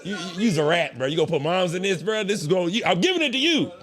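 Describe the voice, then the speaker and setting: A man's voice: high-pitched, lively intonation, fast, fairly bright tone. A man hosting a podcast, teasing his guest in casual, profane banter, on a close mic. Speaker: podcast host. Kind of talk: casual interview chat.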